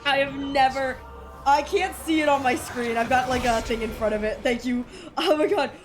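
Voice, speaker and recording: A woman streaming a video game, reacting excitably with gasps and shrieks as she commentates her play. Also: high voice, moderate pace. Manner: excitable, gasping and shrieking at wins. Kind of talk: live gameplay commentary. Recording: voice over loud game music. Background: game music.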